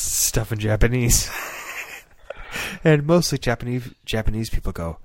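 A man's voice: fairly low pitch, normal speed. A man on a casual podcast telling a rambling family story, laughing often and acting out the voices of the people in it. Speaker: podcast co-host.

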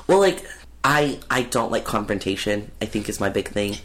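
A man's voice: lowish voice, lively intonation, normal speed, fairly bright tone, a little hiss or hum. Hesitant, easygoing podcast co-host man. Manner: easygoing, hesitant, repeats words. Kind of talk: casual chat.

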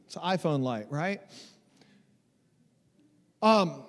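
A man in his thirties, a pastor preaching a sermon on a church stage, animated and emphatic, acting out voices and repeating lines for effect. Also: fairly high pitch, slow pace, big-room sound. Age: 30s.

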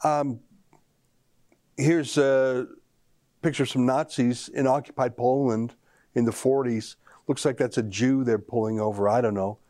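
A man's voice: medium pitch, fairly even intonation, unhurried, pauses often, warm tone. A man hosting a political commentary show, talking emphatically and straight to the listener. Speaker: show host.

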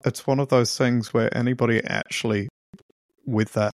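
A man's voice: medium pitch, fairly even intonation, moderate pace, dry recording. A man co-hosting a podcast in casual chat, with dry, teasing banter. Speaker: podcast co-host.

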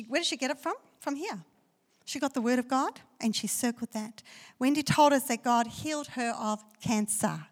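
A fairly high-voiced woman preaches to her church, telling stories and building into fervent declarations. Her voice rings with a long reverb from a large hall. The sermon has the feel of a live congregation address. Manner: story-driven preaching that swells into loud declarations. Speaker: pastor.

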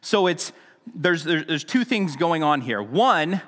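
A man's voice: on the high side, big pitch swings, slow pace, fairly bright tone. Man preaching in an echoing hall. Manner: conversational teaching, with restarts and asides. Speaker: pastor. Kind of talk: sermon.

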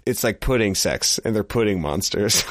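Giggly playful man, animated pitch. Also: normal speed, no echo, clean studio sound. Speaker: podcast co-host. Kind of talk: casual comedic chat about music.

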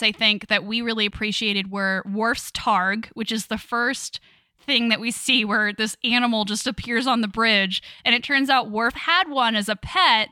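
A young adult woman co-hosting a podcast in casual chat, amused and quick to joke. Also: fairly high pitch, bright, forceful tone, clean tone, no echo, clean studio sound. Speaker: podcast co-host.

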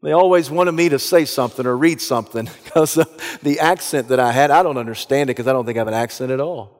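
A man with a Southern American accent from the Southeastern United States, preaching a sermon as an animated storyteller who bursts into loud, dramatic passages. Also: mid-range voice, fast talker, in a large hall. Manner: animated, dramatic retelling with sudden loud outbursts. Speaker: pastor.

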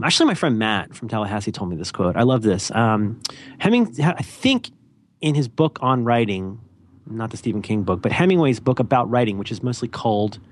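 A man co-hosting a podcast, talking in loose, rambling tangents with lots of self-deprecating jokes. His pitch swings widely as he talks. The microphone sound is close and dry. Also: dry recording. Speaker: podcast co-host. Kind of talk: casual podcast chat.

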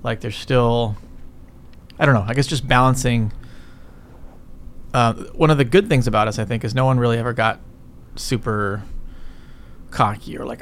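In an interview, a middle-aged business guest speaks with a steady, mid-range voice at moderate speed. His delivery is loose and rambling, full of profanity, with "right?" tacked onto his points.

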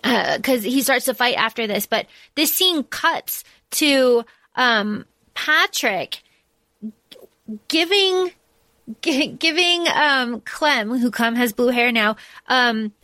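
A woman co-hosting a casual podcast, gushing over a film with plenty of "like" and "um" as she restarts her sentences. Her voice sits a touch high, and the sound is close and dry, with no room around it. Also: expressive, slow, sharp tone, no echo. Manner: emotional, gushing, many fillers and restarts. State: tearing up. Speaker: podcast co-host. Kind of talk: casual movie discussion.

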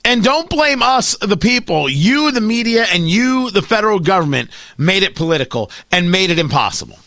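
A man's voice: high-pitched, very animated, moderate pace, bright, forceful tone, dry recording. A middle-aged man hosting a talk radio show, delivering an opinionated monologue in a sarcastic, combative way.

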